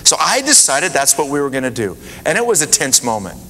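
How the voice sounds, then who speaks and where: A man preaching, telling a lively anecdote from his ministry and acting out the dialogue. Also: a little fast, a little hiss or hum. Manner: animated, rising pitch when acting out dialogue. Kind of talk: sermon anecdote. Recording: reverberant hall with faint ambience.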